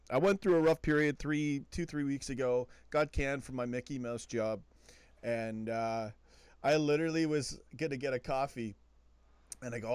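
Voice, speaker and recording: A man's voice: medium pitch, clean tone, no room sound. A man hosting a live call-in fan show, chatting casually and laughing often at his desk at home. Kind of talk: casual late-night live stream chat.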